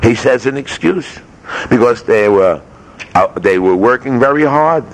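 This rabbi teaches a Torah class at a yeshiva in a study hall, his mid-range voice expressive and his pace measured. He speaks emphatically, poses rhetorical questions one after another, and weaves Hebrew terms into his English.

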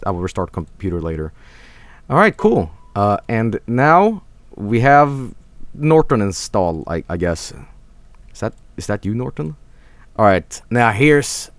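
An excitable male streamer talks through his screen in loose, rambling commentary. His voice leaps up and down in pitch, often cracking into high squeals of delight. The sound is close and dry, with no room echo.

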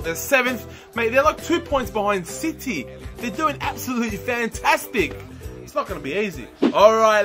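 A young man giving excitable live commentary over his own football video game, shouting and groaning as the match unfolds. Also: high-pitched. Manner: animated, shouts and groans at the action. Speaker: gaming commentator. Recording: faint music underneath.

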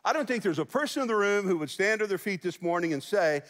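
A man with a fairly high voice preaches to a congregation, spinning a folksy, joking story and laughing between lines. His voice rings through a large church hall with a long echo. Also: animated, fast, a bit bright. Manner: folksy storytelling with jokes and chuckles. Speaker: pastor. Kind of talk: sermon. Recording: big reverberant church hall.

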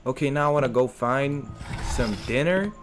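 With faint game music in the background, a young male streamer casually comments on the game he's playing in a mid-range voice at normal speed. He jokes around and talks back to the characters using slang.

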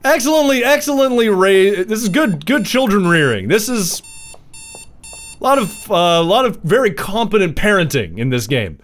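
Sarcastic excitable gamer guy. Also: sits high, normal speed. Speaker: let's play host. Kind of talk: casual gameplay commentary.

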